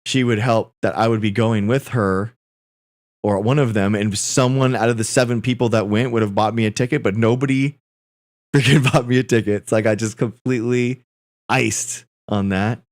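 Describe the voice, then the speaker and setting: A man's voice: fairly low pitch, steady tone, moderate pace, dry recording, studio quality. A man in his thirties, a livestream host, chatting casually and telling rambling personal stories to his viewers. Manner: rambling storytelling, addressing viewers as guys.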